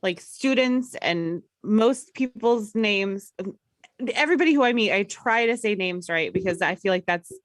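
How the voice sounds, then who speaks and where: A woman co-hosting a live podcast in casual chat, talkative and quick to correct herself and apologize. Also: medium pitch, no echo, studio quality. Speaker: podcast co-host.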